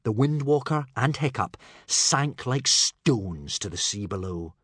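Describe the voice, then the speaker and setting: Expressive male narrator, husky, dry close sound, lively dramatic delivery. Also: medium pitch, slow pace, dry recording. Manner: dramatic, dropping to a hush for suspense. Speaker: audiobook narrator.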